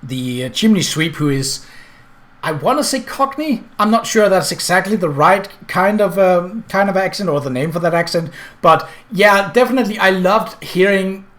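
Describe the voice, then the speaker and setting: A man's voice: high voice, animated, normal speed, fairly bright tone. A man from Denmark, a native Danish speaker with a Danish accent, rambling through casual game commentary with many fillers.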